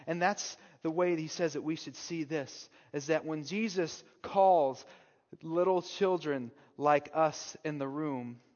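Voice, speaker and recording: Man, pastor, sermon, hushed then urgent, long church-hall reverb, muffled sound. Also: a little high. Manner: swings from hushed to loud urgent calls.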